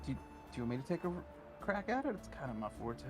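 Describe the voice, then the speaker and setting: A man's voice: medium pitch, quick pace, music in the background. A man chatting as a guest on a casual art stream, joking and ranting with plenty of profanity. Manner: animated, profane, joking rants.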